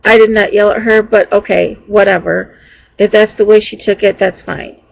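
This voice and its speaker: A female vlogger rambles through a casual story for her viewers, sounding exasperated, with a gravelly, creaky voice of medium pitch and fairly even intonation at normal speed. She keeps restarting sentences and filling pauses with ums. The lo-fi, dull sound resembles a basic home recording.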